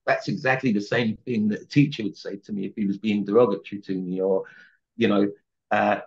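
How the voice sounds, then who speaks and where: A man's voice: fairly low pitch, steady tone, fairly quick, creaky, highs cut off. A man, a singer talking earnestly about growing up, leaning on "you know" and "right?". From South London, England. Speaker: singer, interview guest. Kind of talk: candid reflective interview talk.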